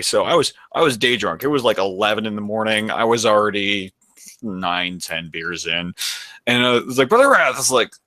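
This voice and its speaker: A man with a lowish voice and a bright, forceful tone tells crude stories on a casual podcast, swearing as he goes. The sound is dry and close to the mic. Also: no room sound. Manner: crude storytelling, swears freely. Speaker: podcast co-host. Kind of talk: casual chat.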